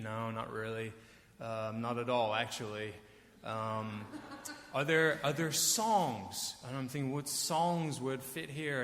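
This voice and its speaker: A man's voice: mid-range voice, fairly bright tone. A middle-aged man preaching a sermon as pastor, telling stories with wry, self-deprecating asides. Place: church sanctuary. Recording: echoey church hall.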